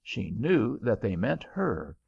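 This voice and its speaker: A man narrating a children's storybook aloud in an audiobook, with a slow, lively delivery. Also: on the low side, vocal fry, breathy edge. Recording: dull lo-fi audiobook recording.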